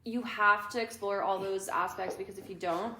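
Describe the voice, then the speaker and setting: A woman telling a story in casual chat as a co-host. She is animated and swears freely. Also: medium pitch, moderate pace, echoey room.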